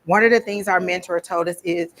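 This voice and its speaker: A woman's voice: on the low side, steady tone, fairly quick, a bit bright. Woman, psychic workshop teacher, casual blunt chat, acts out quotes, event room.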